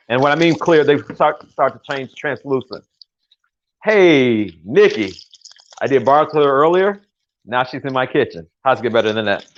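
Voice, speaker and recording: A man's voice: mid-range voice, muffled recording. An older man from the United States hosting a casual cooking livestream in his home kitchen, talking in a chatty, rambling way with jokes and self-corrections.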